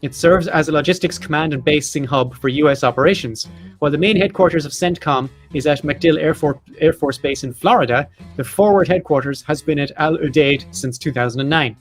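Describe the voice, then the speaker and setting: A man's voice: fairly high pitch, brisk, soft background music. A man hosting a podcast, reading off facts and lists in a casual chat with jokey asides. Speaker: podcast host.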